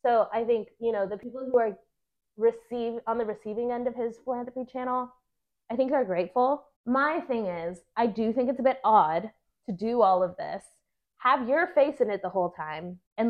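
A woman's voice: a little high, dull audio. A woman co-hosting a casual podcast chat, talking loosely with lots of fillers and frequent laughs. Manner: chatty, laughs often, many "like" fillers.

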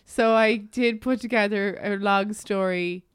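A woman's voice: mid-range voice, steady tone, a little slow, clear, resonant tone, no echo, studio quality. A sick woman with a congested, nasal voice hosts a loose podcast chat. She rambles a little as she sets out the plan for the episode. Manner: rambling, organizing the show. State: sick and stuffed-up. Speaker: podcast host. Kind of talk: casual chat. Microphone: headphones on.

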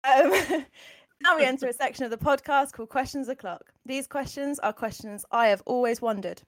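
A woman's voice: sits high, moderate pace, no room sound. A woman hosting an improv podcast, reading her intro and questions from a script in a dry, matter-of-fact way. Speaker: podcast host.

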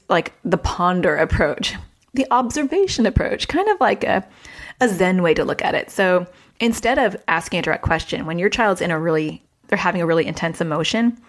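A woman who works as a child therapist, hosting a parenting advice podcast in a chatty way and acting out the quoted dialogue with jumps in pitch.

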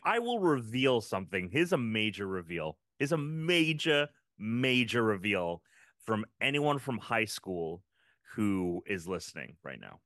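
A British man from England co-hosting a podcast, telling stories in a halting, self-deprecating way with many restarts. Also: deep voice, fairly bright tone, no echo. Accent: British English. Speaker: podcast co-host. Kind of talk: casual chat.

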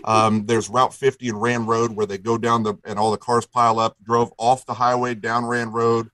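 A man's voice: medium pitch, little pitch movement, moderate pace, a bit bright, no echo, poor audio. A middle-aged man telling a long story as a guest, enthusiastic and rambling, restarting his sentences often. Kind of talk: casual storytelling chat.

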